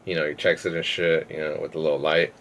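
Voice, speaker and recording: A man's voice: very deep voice, little pitch movement, fast, a bit bright, a little hiss or hum. A young man, a podcast guest, telling a rambling, profane story in casual chat and laughing between phrases.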